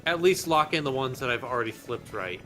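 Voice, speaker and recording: Exasperated swearing man with a bright voice. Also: mid-range voice, animated, fairly quick, soft background music. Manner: exasperated, swearing, frustrated ranting. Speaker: let's play host. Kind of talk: casual gameplay commentary.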